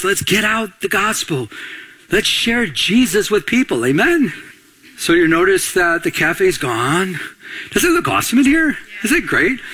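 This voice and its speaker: A middle-aged man preaching a sermon as pastor, energetic, throwing questions to the congregation to answer. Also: sits high.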